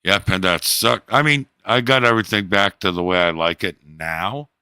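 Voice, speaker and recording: A low-pitched man rambles through a casual livestream, swearing freely and telling jokey stories. His tone is forceful and bright, recorded dry and close with no room sound. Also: normal speed, clear, resonant tone, dry recording. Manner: profane, joking storyteller with voice impressions. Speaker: livestream host. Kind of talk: casual rambling stream chat.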